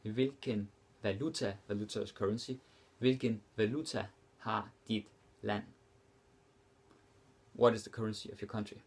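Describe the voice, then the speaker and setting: A young man runs a language lesson in a relaxed, casual way. His voice sits a little low. He says each example phrase slowly, repeats it, and then explains it. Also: husky. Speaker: language teacher.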